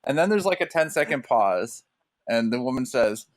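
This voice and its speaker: Lively-voiced man cracking jokes on a podcast. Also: mid-range voice, no echo, studio quality. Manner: deadpan retelling, quick jokes, amused. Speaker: podcast co-host. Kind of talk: casual comedic chat.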